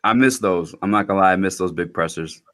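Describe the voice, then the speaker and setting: A man's voice: low voice, quick pace, a bit bright. A man co-hosting a live MMA preview show, talking loosely, swearing and laughing easily. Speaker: podcast co-host. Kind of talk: casual MMA chat.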